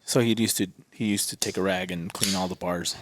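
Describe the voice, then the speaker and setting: A man's voice: low voice, steady tone, brisk, dry recording. A man teasing his friends in casual podcast chat. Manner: teasing, laughing. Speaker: podcast co-host.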